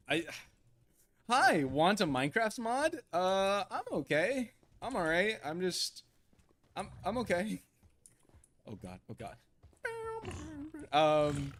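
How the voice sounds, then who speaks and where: A man chatting on a gaming live stream with a rather high voice that swings widely in pitch. He stammers, trips over his words and breaks into laughter often, sounding flustered. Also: fairly bright tone.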